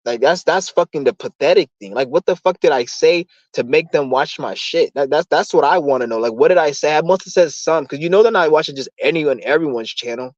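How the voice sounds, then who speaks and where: A man's voice: a little high, quick pace, hardly any pauses, dry recording. Young guy ranting on his stream, cussing a lot, muffled dry lo-fi sound. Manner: profane, heated, rambling. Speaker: channel host. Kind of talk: casual rant on a live stream.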